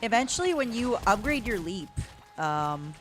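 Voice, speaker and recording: A woman's voice: mid-range voice, big pitch swings, normal speed, over music. A woman streamer giving playful, casual commentary as she plays a game, calling her viewers honey and darling.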